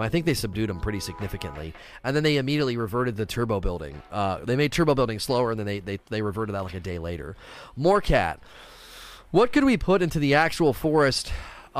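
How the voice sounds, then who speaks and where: A man ranting and chatting on a casual gaming livestream, reading viewer questions aloud and answering them. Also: medium pitch. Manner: animated, ranting, reads chat questions aloud. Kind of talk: casual gaming stream chat.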